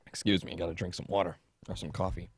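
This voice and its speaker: A man's voice: deep voice, flat delivery, fast talker, slightly rough, no echo. A man hosting a podcast in a casual comedic rant, mocking and laughing often as he jumps between topics. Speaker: podcast host.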